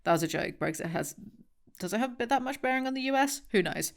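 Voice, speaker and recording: A woman's voice: fairly high pitch, lively intonation, fast, creaky. A young woman chatting casually and sarcastically as she reacts to song lyrics, swearing and laughing as she goes.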